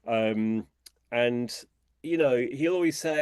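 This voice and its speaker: A British man, an author guest in an interview, who tells lively anecdotes and talks in a chatty, conversational way. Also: measured pace, no room sound, clean studio sound. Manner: animated storyteller, imitates people in a high voice.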